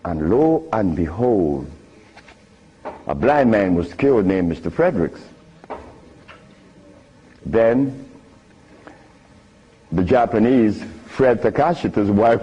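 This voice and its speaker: Husky older man, lively storytelling. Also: medium pitch. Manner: animated, laughs often, sing-song emphasis. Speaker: speaker giving a talk. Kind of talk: storytelling lecture to an audience. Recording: dull lo-fi archive recording.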